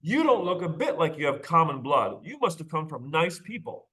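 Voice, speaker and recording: A male teacher reading aloud an older grandmother's pleading lines in a raised, shrill voice. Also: very animated, normal speed, pushed and bright. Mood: desperate. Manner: pleading, shrill and high-pitched. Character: frantic old Southern grandmother pleading.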